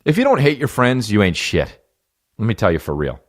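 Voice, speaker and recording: A man with a fairly low voice hosts a comedy podcast. He rambles from one story to the next, swearing freely and cracking jokes as he goes. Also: huge pitch swings, fairly quick. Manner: profane, rambling, jokey. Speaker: podcast host.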